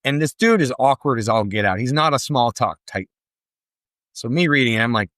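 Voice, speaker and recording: A middle-aged man, a podcast guest, telling an emotional personal story in an earnest, animated way. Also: mid-range voice, a little fast, dry recording, studio quality. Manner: earnest, animated, acts out quoted voices.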